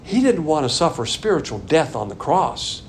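Animated older man preaching a sermon. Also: a little high, moderate pace, slight background noise. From American South. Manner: animated, swings between loud emphasis and quiet asides. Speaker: Bible teacher. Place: Texas.

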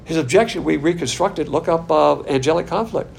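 Male preacher, sermon delivery, gravelly and a touch high, drawn-out emphasis, faint noise. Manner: emphatic, drawn-out key words, asks the audience questions. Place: church room.

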